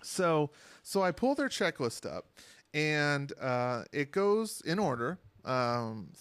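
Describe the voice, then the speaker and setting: A man's voice: a little high, slow pace, clear, resonant tone, no room sound. A man co-hosting a casual podcast, telling stories and reading out a list, with easy laughter. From living in Las Vegas. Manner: storytelling, animated, laughs easily. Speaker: podcast co-host. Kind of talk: casual chat.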